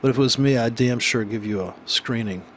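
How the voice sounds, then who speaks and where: A man's voice: medium pitch, brisk. A man with a mid-range voice talks through trade setups in a loose, off-the-cuff way. He is blunt, rambles between thoughts and swears without hesitation. A faint hiss of noise sits under the recording. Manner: blunt, rambling, swears freely, asks rhetorical "right?". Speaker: trading educator. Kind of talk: casual unscripted trading commentary.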